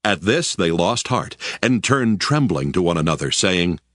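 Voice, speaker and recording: Low voiced guy narrating the bible, lots of expression, music playing under. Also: measured pace, no echo. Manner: steady storytelling. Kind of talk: scripted scripture narration. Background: backing music.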